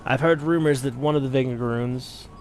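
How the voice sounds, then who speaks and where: A man's voice: mid-range voice, a little mellow, soft background music, close to an everyday voice. Man reading a genteel blind wine merchant. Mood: courteous. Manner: measured, courteous, wordy. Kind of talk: let's play voice acting.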